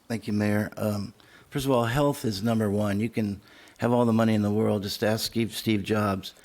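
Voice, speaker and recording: A man's voice: lowish voice, fairly even intonation, normal speed, darkish tone. A man on a city council speaking with emotion and passion at a public meeting. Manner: emotional, impassioned.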